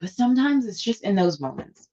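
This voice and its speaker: A woman's voice: mid-range voice, very animated, a little fast, lo-fi sound. A young woman and stylist chatting casually to camera at home, rambling and enthusiastic. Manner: chatty, rambling, warm with customers. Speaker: vlogger and stylist.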